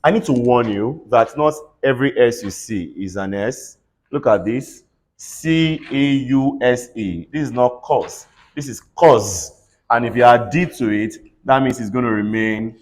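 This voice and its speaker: A man's voice: medium pitch, lively intonation, a little slow, a little mellow. A man teaching a class how to pronounce consonant sounds, spelling words out letter by letter and having the students repeat them. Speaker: pronunciation teacher. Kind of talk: classroom lesson with call-and-response drills.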